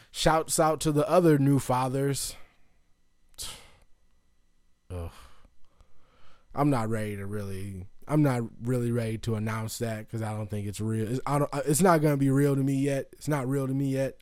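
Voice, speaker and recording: A man's voice: fairly low pitch, darkish tone, no room sound, clean studio sound. A man hosting a casual solo podcast, rambling loosely with lots of restarts and fillers. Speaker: podcast host.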